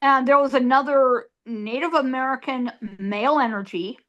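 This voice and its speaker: A woman's voice: sits high, moderate pace, highs cut off. A middle-aged woman, a psychic medium, telling a story as an interview guest in an emphatic way, repeating words for effect.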